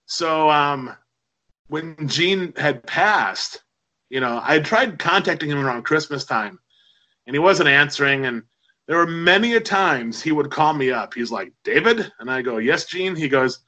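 A man's voice: on the high side, expressive, measured pace, pushed and bright, rough recording. A middle-aged man telling rambling, anecdotal stories as a guest in casual conversation. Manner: chatty, anecdotal, many fillers. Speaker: podcast guest. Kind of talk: casual storytelling.

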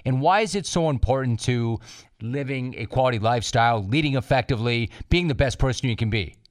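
A man hosting an interview, asking questions with lively enthusiasm. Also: medium pitch, fairly quick, dry recording, clean studio sound. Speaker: podcast host. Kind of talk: casual interview talk.

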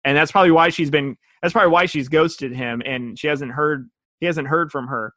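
Casual co-host, man, slightly high voice, dry close sound, laughs a lot. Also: normal speed, pushed and bright, dry recording. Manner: laughs often, acts out quotes. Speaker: podcast co-host. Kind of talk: casual chat.

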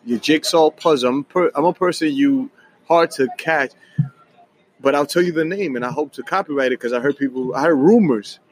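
A young man, a guest musician telling his story in animated, rapid casual chat, slipping in Spanish words. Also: fairly high pitch, low-quality recording. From New York City.

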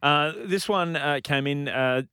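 Easygoing co-host reading texts. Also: male voice, fairly high pitch, measured pace, bright, forceful tone, clean tone, no room sound, studio quality. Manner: easygoing, filler-heavy reading. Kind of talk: casual sports radio chat. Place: radio studio.

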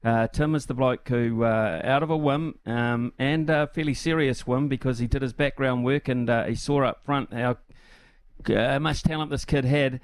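A man's voice: medium pitch, fairly even intonation, moderate pace, smooth. A man hosting a sports radio show, talking casually and rambling with many fillers.

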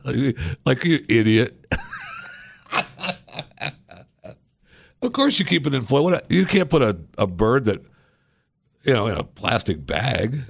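A man's voice: mid-range voice, big pitch swings, unhurried, creaky, pauses often, slightly rough, dry recording. A man hosting a podcast, telling rambling, self-mocking anecdotes in a casual way. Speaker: podcast host. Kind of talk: casual storytelling.

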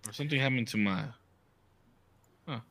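A man's voice: medium pitch, normal speed, a bit bright. A man co-hosting a podcast in casual chat, joking and teasing bluntly. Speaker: podcast co-host.

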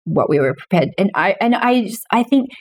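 A woman in her forties, appearing as a podcast guest who is a money mentor and author, speaks expressively and a bit quickly. She tells anecdotes casually, acting out the voices she quotes with big jumps in pitch.

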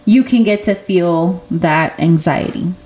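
A woman's voice: lowish voice, slow. A young woman hosting a casual chat, talking loosely and laughing often as she tells stories. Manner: laughs often, animated storytelling. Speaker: host.

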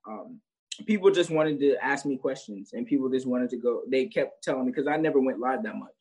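A man's voice: medium pitch, animated, a little fast, darkish tone, husky, poor audio. A young man chatting as an interview guest, rambling with restarts and frequent laughter. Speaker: guest, social media creator. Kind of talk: casual interview chat.

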